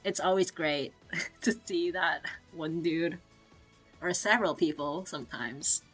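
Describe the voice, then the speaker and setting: A woman's voice: low-pitched, unhurried, fairly bright tone, soft background music. A woman streamer telling a story in casual chat, swearing freely, filling her speech with "like," and mimicking the people she quotes. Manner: chatty, swears freely, fills with "like". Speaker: VTuber streamer.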